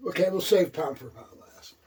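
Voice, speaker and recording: A man's voice: on the high side, normal speed, recorded from a distance, slight background noise. A man co-hosting a wrestling talk show, teasing his partner with wisecracks and puns. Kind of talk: casual joking chat.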